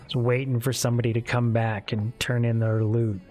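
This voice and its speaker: A man's voice: mid-range voice, level tone, moderate pace, a little mellow, faint music behind. A man streamer chatting casually with his viewers, rambling and candid, swearing now and then. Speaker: streamer talking with chat. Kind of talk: casual live-stream chat.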